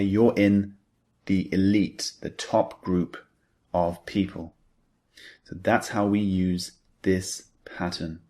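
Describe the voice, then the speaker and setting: Deep voiced guy teaching english, talks real slow and careful. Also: a little mellow. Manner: slow, deliberate explanation with spoken examples. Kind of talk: scripted language lesson.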